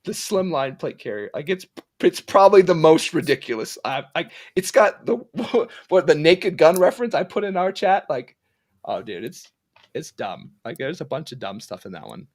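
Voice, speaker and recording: In clean studio sound with no echo, a podcast co-host chats casually, telling stories with plenty of laughs and the filler "like." His voice is a little high at normal speed, and he comes across as an animated, laughing storyteller.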